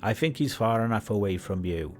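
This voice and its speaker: A man with a lowish, darkish, expressive voice talks fairly quickly as he commentates on online drama during a livestream. His commentary is sarcastic; he mocks and lectures the person in the clips, addressing them directly.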